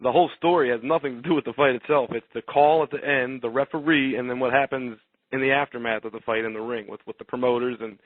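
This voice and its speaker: A man co-hosting a radio fight-talk show in casual chat, talking loosely with quick restarts. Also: mid-range voice, steady tone, dry recording. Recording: tinny phone-like dry audio.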